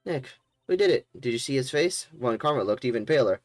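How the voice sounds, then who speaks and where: A man voicing a bubbly young female sidekick who talks in an excited, chirpy way. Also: medium pitch, fairly quick, dry recording, voice pushed up, close to an everyday voice.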